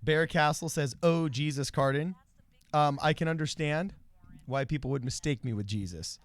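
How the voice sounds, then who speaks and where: A man's voice: on the high side, normal speed, dry recording. A man co-hosting a casual political live stream, joking around and reading viewer comments aloud. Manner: jokey, reads chat comments aloud. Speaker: co-host.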